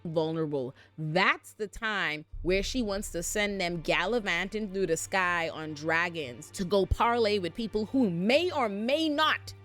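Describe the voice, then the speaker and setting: A woman's voice: medium pitch, unhurried, few pauses, faint music behind. A woman hosting a TV recap in loose, casual commentary. She talks emphatically, swearing and using heavy slang as she hammers her points. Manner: expressive, profane, emphatic slang-filled delivery. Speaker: pop culture commentator.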